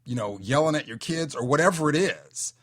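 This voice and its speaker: A man's voice: a little high, expressive, fairly quick, fairly bright tone. A male host asking thoughtful, inquiring questions in an interview. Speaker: show host.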